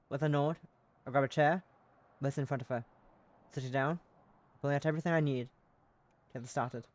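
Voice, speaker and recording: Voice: medium pitch, a little fast, pauses often, darkish tone, no room sound. Casual live streamer narrating a game, self-mocking and profane. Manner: swears freely, laughs at own slips. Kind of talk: reading a visual novel aloud on stream.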